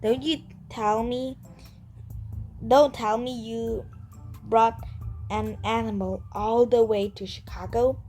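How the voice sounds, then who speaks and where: A woman's voice: fairly high pitch, fairly even intonation, takes it slowly, long pauses, warm tone, faint music behind. A woman reading aloud as a stubborn, disbelieving old grandmother in a children's book. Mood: astonished. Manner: reading a grandmother's dialogue aloud in a slightly raised voice.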